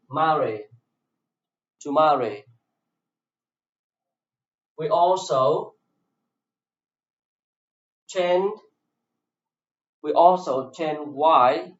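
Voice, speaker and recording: A man with a Vietnamese accent, a native Vietnamese speaker teaching an English class, going very slowly and saying each word several times over. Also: on the high side, a bit bright. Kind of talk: slow classroom explanation. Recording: echoey room, dull lo-fi sound.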